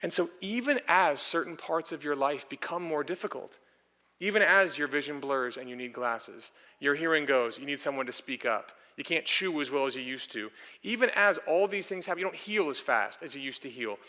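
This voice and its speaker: A man's voice: fairly high pitch, lively intonation, normal speed, bright, forceful tone. A man preaching a conversational sermon as pastor, earnest and explaining each point again in new words. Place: church sanctuary. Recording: long reverb of a church hall.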